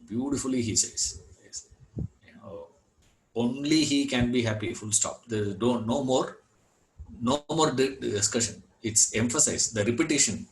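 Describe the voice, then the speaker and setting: A man teaching a scripture class, unhurried, repeating words and filling gaps with "you know". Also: medium pitch, low-quality recording. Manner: chants Sanskrit verse. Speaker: Vedanta teacher.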